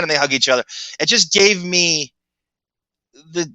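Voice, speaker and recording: A man's voice: mid-range voice, expressive, brisk, long pauses, sharp tone, no echo. A man hosting a podcast, telling rambling stories in casual chat. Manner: rambling storytelling with restarts. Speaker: podcast host.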